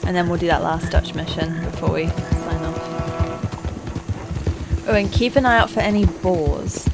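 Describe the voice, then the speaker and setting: A woman's voice: on the low side, a little slow, vocal fry, loud music behind the voice. A young woman hosting a let's-play, chatting casually as she plays and often laughing at her own mistakes. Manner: chatty, thinks aloud and laughs at herself. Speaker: gaming let's-play host. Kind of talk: casual game commentary.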